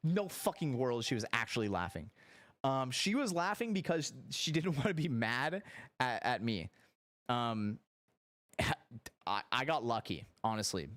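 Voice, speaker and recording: A young man streaming, telling a story casually, animated and profane, his voice shooting up when excited and sinking low when he reflects. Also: a little slow, no echo. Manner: animated, swearing, jumps high in pitch when excited.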